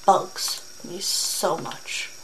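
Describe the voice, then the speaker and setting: A young woman talking earnestly in a casual vlog, reading facts aloud in a halting way with fillers and restarts. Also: background noise.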